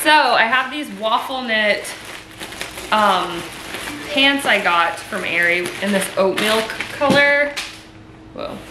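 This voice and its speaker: A woman's voice: a little high, lively intonation, takes it slowly, pauses often. A young woman chatting casually in a vlog, gushing and bubbly, with plenty of "like" and "um". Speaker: lifestyle vlogger. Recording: noisy vlog recording.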